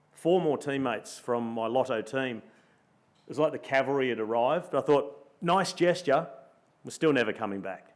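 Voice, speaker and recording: A middle-aged Australian man, a former pro cyclist, telling a lively story at a luncheon and acting out his own thoughts as he goes. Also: medium pitch. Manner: animated storyteller, acts out his own thoughts in quoted asides. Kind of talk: storytelling in a live interview. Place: luncheon event room.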